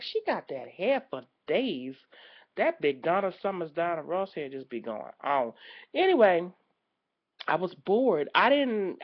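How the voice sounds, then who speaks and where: A woman's voice: fairly low pitch, dull audio. A woman vlogger giving casual, gossipy celebrity commentary with teasing, sassy asides.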